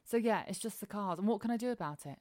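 A woman's voice: medium pitch, lively intonation, fast, a little mellow, dry recording, clean studio sound. A woman co-hosting a podcast in casual chat, frank and jokey. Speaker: podcast co-host.

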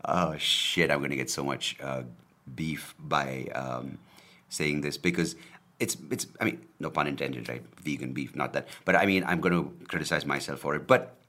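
A man's voice: a bass voice, normal speed, sharp tone. A man in his thirties hosting his own podcast, rambling casually with lots of fillers and offhand swearing. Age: 30s. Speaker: podcast host. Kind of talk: casual solo podcast talk. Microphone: camera and podcast mic.

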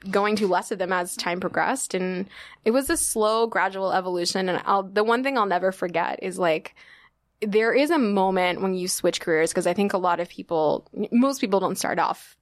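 A woman in her thirties talks casually as an interview guest. Her speech is loose and chatty, full of fillers, at a middle pitch. The sound is close and dry, with no room around it. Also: moderate pace, dry recording. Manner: chatty, lots of "like" and "you know", laughs often. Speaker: guest, sommelier.

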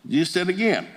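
A man's voice: on the high side, gravelly. A middle-aged man, a Pentecostal preacher, telling humorous family stories in a sermon and chuckling as he talks. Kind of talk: folksy storytelling sermon.

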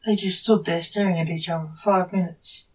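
A woman reading a story aloud for her own podcast, measured and deliberate. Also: on the low side, fairly even intonation, darkish tone, distant mic, slight background noise, rough recording.

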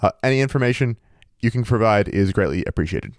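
Male podcast co-host, smooth resonant voice, deadpan wry humor, dry close mic. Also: on the low side, fast talker, no echo. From United States. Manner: deadpan, wry, mock-formal. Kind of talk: casual chat.

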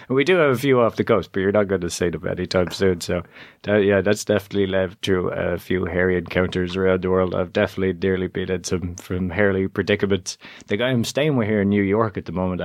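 Lively Irish man telling travel stories. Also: low voice, no echo, studio quality. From Ireland. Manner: animated storyteller who acts out voices in quotes. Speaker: interview guest. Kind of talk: casual storytelling interview.

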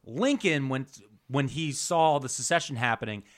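A man hosting a casual comedy podcast, telling history in an animated, rambling, jokey way. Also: mid-range voice, normal speed. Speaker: podcast host.

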